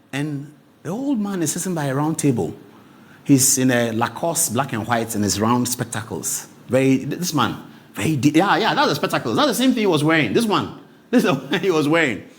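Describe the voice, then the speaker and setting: A man's voice: mid-range voice, sing-song, normal speed. A man in his forties with a Ghanaian accent, telling a story as a host, often laughing and stumbling over repeated words. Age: 40s. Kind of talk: animated storytelling monologue.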